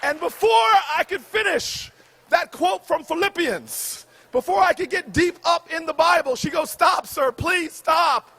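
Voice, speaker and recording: A man in his forties tells a comic story from a podium, his voice pushed very high as he shouts the big lines. He builds in a preacher's rhythm and calls out to the crowd for a witness. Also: lively intonation, a little slow, gravelly. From United States. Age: 40s. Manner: booming, shouted punchlines with preacher-like call and response. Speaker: commencement speaker. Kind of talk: humorous storytelling speech. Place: outdoor graduation ceremony stage.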